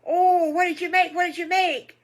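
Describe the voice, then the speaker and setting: An older woman squeaking as an eager boy piglet. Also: normal speed. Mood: excited. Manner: excited, pleading.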